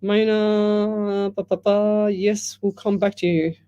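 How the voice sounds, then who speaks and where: A woman's voice: mid-range voice, level tone, slow, warm tone, clear, resonant tone. A woman hosting a live radio show as a psychic medium, chatting in a rambling way and greeting listeners by name over a headset mic. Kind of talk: live radio chat, reading out listener comments. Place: radio studio.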